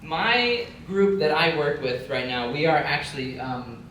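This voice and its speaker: A man's voice: fairly high pitch, unhurried. Man hosting a comedy panel in an echoey hall. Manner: deadpan mock-conspiratorial, chatty with many fillers. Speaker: panel host. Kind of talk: mock-serious comedy panel talk. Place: convention panel room with audience. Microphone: room microphone. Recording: very echoey hall from far off, noisy.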